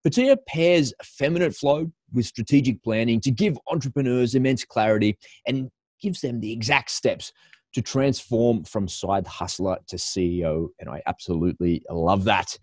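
A man's voice: mid-range voice, normal speed, darkish tone, no room sound, clean studio sound. A man hosting an interview podcast, upbeat and polished as he reads promos and introduces his guest. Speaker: podcast host.

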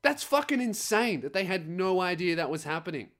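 A man tells a story in a fired-up, profane rant. His voice sits fairly high for a man. He talks bluntly and plays out the other people's voices as he goes. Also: sing-song, a little fast, fairly bright tone. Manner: swearing, blunt and heated, acts out other voices. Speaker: podcast host. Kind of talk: ranting storytelling monologue.

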